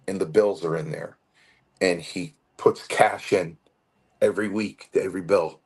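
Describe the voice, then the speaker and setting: Low-voiced man, fifties, from Connecticut, rambling interview storyteller. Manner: rambling, animated storytelling with restarts. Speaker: guest wrestler.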